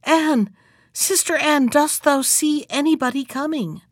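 A terrified young wife from a storybook, pleading and tearful, as a woman puts her on. Her voice rises high and strained, recorded dry and close. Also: unhurried, no echo.

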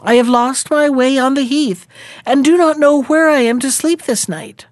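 A timid young hero speaks up in a storybook tale, as a woman reading aloud puts him on. The voice is fairly high and dry, with a hesitant manner. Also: animated, normal speed, no echo.

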